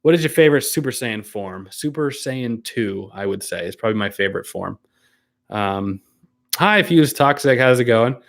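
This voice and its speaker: A man's voice: medium pitch, expressive, normal speed, gravelly, fairly bright tone. A man hosting a casual live stream, reading viewer comments aloud and answering them in an easygoing, hesitant way. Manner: easygoing, hesitant, many ums and restarts, laughs often.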